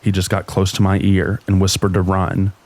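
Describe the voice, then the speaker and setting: A deep-voiced male narrator reads scripted scary stories in a slow, steady storytelling style.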